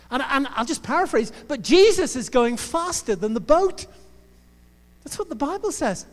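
A male preacher delivers his sermon in a playful, joking way. His voice sits very high, and the sound comes with a long reverb from a large hall. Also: very animated, moderate pace. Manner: playful, jokey storytelling.

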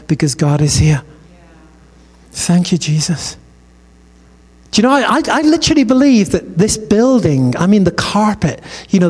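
A man preaching a sermon, telling a story in a conversational, animated way and acting out the dialogue. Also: sits high. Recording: long hall reverb.

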